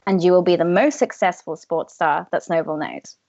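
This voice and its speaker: A woman voicing Mrs. Claus, a kindly, grand old woman who speaks gently and like a mother. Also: on the low side, moderate pace, muffled recording, pitched below the performer's own voice, lightly acted. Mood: gentle.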